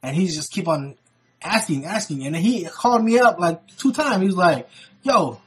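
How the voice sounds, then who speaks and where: A man's voice: high-pitched, moderate pace, a bit bright, slightly rough. A young man vlogging, telling stories casually with heavy slang and swearing, acting out what people said. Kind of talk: casual storytelling.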